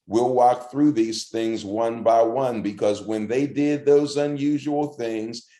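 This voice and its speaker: A man's voice: mid-range voice, fairly even intonation, warm tone. Earnest male preacher in an echoey room. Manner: earnest, encouraging, slows down to read scripture. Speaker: pastor. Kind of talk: short devotional sermon.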